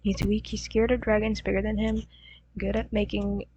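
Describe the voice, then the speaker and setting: A woman's voice: medium pitch, little pitch movement, moderate pace. A woman with a groggy, crusty morning voice, casually rambling and giggling as she shows off her characters. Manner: rambling, giggly, lots of fillers. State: groggy, crusty voice from just waking. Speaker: channel host. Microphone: poor-quality home mic. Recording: dull muffled mic with faint hum.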